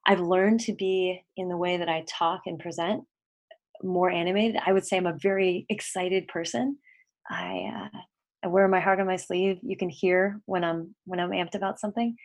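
A middle-aged woman, a former sports coach and public speaker, talking in an interview with steady, clean and clear enunciation. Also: fairly low pitch. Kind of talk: interview conversation.

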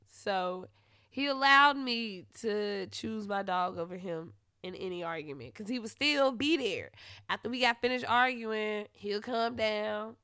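A woman hosting a podcast, telling a personal story in a blunt, profane way that swings into loud, heated retellings. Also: medium pitch, a little slow, smooth, dry recording, studio quality. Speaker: podcast host. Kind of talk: candid storytelling monologue.

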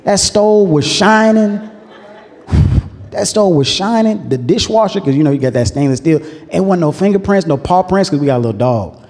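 A man's voice: high-pitched, expressive, moderate pace, a little mellow, long reverb tail. A man pastor preaching a sermon in a loose, conversational way, calling on the congregation to answer back. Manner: conversational preaching with call-and-response.

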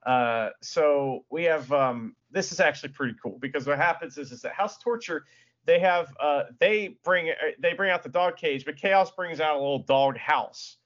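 A man's voice: on the high side, normal speed, a bit bright. A man co-hosting a podcast, chatting casually and animatedly about wrestling, laughing often and swearing. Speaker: podcast co-host. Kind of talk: casual wrestling recap chat. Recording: dull lo-fi audio.

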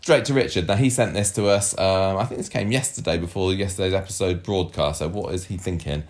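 A man's voice: sits low, brisk. A man co-hosting a podcast, joking and reading listener feedback aloud in a casual chat. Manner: jokey, lively, reads messages aloud. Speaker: podcast co-host.

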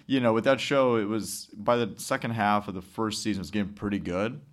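Very deep-voiced man swearing through casual podcast chat. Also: steady tone, fairly quick. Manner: profane, laughs often, rambling. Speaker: podcast co-host.

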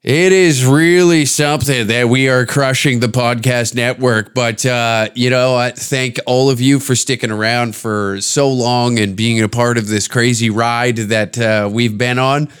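A man's voice: mid-range voice, steady tone, measured pace, hardly any pauses, clear, resonant tone. A man, a podcast host and stand-up comedian, riffing in a profane, rambling, jokey comedic monologue. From Canada.

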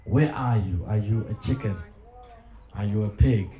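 A middle-aged male pastor preaches with passion and humorous asides in a church hall, his voice fairly low and moderately paced. The hall is echoey, the sound dull, and the congregation can be heard.

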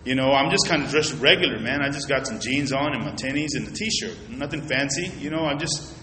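A man preaching a sermon, telling a personal story in an animated way and talking straight to the congregation. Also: medium pitch, brisk, a little hiss or hum. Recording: reverberant hall.

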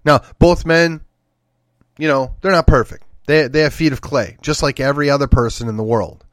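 A man's voice: mid-range voice, normal speed, no echo, clean studio sound. A middle-aged man from Texas hosting a political commentary podcast, talking emphatically in a monologue, firing off rhetorical questions and repeating his points. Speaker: podcast host.

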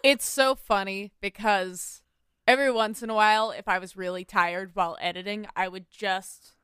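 A woman's voice: mid-range voice, steady tone, moderate pace, a bit bright, smooth, dry recording, clean studio sound. A woman co-hosting a podcast in casual chat, telling wry stories and teasing her co-host.

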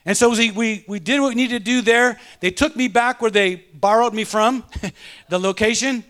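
A man's voice: extremely high pitch, normal speed, fairly bright tone. A male pastor preaching a sermon and telling a personal story, fervent and calling out to the congregation. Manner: fervent, punctuates with call-outs to the congregation.

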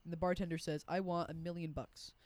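A man's voice: on the high side, little pitch movement, brisk, no echo. A teenage boy, a college sophomore, chatting as a podcast guest, rambling with restarts and telling jokes. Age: teens. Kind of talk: casual podcast chat.

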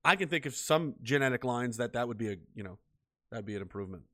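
A man's voice: medium pitch, lively intonation, fast talker, pushed and bright. A man delivering a bitter, profane solo rant as a vlogger, repeating himself as he goes. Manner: profane, repetitive, bitter and heated. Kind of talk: ranting solo monologue.

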